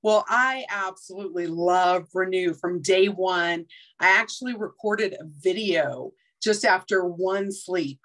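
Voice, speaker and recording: A woman's voice: on the low side, unhurried, fairly bright tone, rough recording. A woman guest on a casual team video call with a polished, radio-actress type voice, speaking in an effusive, gracious way.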